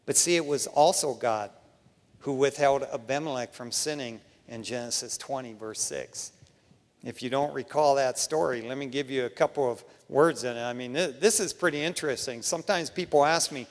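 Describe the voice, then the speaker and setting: A male preacher giving a sermon, telling scripture stories in an animated way with casual asides. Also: mid-range voice, moderate pace, long reverb tail.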